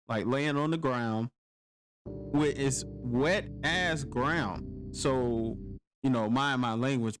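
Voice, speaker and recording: A man, telling a profane war-story anecdote in casual podcast chat, acting out his own past lines. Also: medium pitch. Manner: profane, animated storytelling with quoted exclamations. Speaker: podcast host, army veteran.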